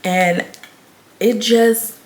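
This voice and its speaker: A woman's voice: a little high, fairly even intonation, drawn-out words, a little hiss or hum. A woman, chatting candidly to her viewers in a get-ready-with-me vlog. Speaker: beauty vlogger.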